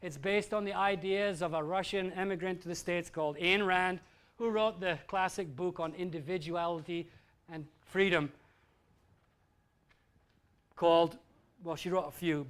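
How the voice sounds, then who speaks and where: A man's voice: high-pitched, steady tone, normal speed, fairly bright tone, smooth. A Scottish man giving a live lecture to an audience, blunt and profane, with asides to the crowd. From Scotland. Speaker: festival speaker.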